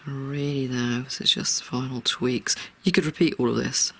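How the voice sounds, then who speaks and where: An art tutor talking through a real-time drawing tutorial in a soft, often half-whispered, reassuring way. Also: mid-range voice, steady tone, moderate pace, a little hiss or hum.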